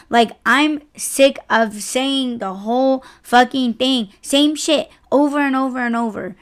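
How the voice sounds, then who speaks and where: A woman's voice: high-pitched, a little slow, hardly any pauses, clean tone. A woman podcast host, a delivery driver, telling a story in a casual, exasperated rant full of swearing. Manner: profane, exasperated, animated retelling.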